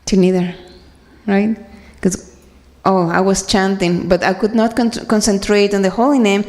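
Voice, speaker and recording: A woman giving an earnest, halting personal talk to a congregation, with many fillers and restarts. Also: medium pitch, steady tone, darkish tone, in a large hall. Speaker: speaker sharing at a devotional gathering.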